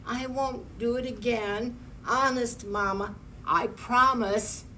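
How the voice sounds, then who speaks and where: A huge bully of a giant from a picture book, bellowing and boastful, as a woman acts him out. Slow delivery, heard from some distance off the mic with a faint hum. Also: mid-range voice, a bit bright. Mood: whimpering. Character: huge bullying male giant, meek to his mother.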